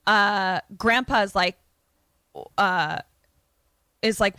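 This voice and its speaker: A woman co-host recaps a film in loose, casual conversation, full of quick asides and amused laughs. Her voice is bright and forceful. The sound is dry and close to the mic. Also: mid-range voice, no echo. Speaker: podcast co-host retelling a film. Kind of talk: casual chat.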